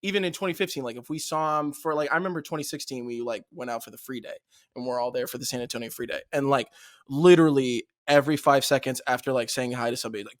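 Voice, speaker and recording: A man's voice: medium pitch, quick pace, no room sound, clean studio sound. A young man hosting a podcast, telling stories in casual chat and laughing often. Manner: laughs often, animated storytelling. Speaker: podcast host.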